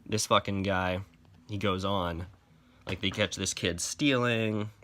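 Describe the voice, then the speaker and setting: Man, comic reviewer, casual rant, sarcastic, profane, lowish pitch, bright forceful tone. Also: takes it slowly.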